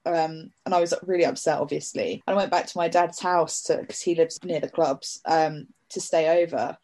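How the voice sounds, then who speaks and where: A woman's voice: low-pitched, steady tone, normal speed, a little mellow. Young girl chatting away, laughs a lot, does little voices for people in her stories. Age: young adult. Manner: chatty, laughing often, acts out quoted voices. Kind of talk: casual chat.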